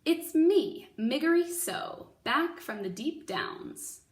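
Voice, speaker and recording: A woman voicing a slow-witted, slangy young servant girl, in an echoey room with the mic at a distance. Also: fairly high pitch, big pitch swings, a bit bright. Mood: simple.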